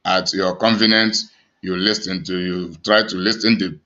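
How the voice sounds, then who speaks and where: A man's voice: deep voice, fairly even intonation, normal speed, sharp tone, lo-fi sound. A man with a Nigerian accent, an evangelist preaching emphatically to his online audience, with many restarts and fillers. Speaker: evangelist and channel host.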